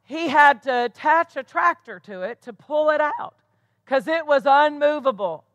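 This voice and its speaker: A woman pastor delivers a sermon in a high, bright voice. She preaches emphatically and keeps asking her listeners rhetorical questions. The sound is close and dry. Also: animated, a little slow, dry recording, muffled recording.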